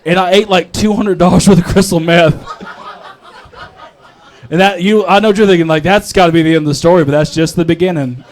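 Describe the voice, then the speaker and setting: A young North Carolina man with a high voice, steady tone, and fairly quick pace does stand-up at an open mic comedy club. This comedian's set is rambling, foul-mouthed, and self-mocking, and he often chuckles at his own jokes.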